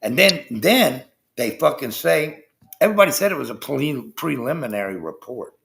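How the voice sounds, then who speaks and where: A man's voice: mid-range voice, big pitch swings, moderate pace, vocal fry, fairly bright tone. A man hosting a livestream, ranting heatedly about politics with constant swearing and talking to his chat viewers. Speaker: livestream host. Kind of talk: profane political rant on a livestream.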